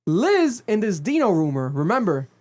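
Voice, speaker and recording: A man co-hosting a podcast, recapping a reality show in casual chat and acting out quotes with sudden pitch jumps. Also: moderate pace. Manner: animated storytelling, acts out quotes with big pitch jumps. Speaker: podcast co-host. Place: podcast studio.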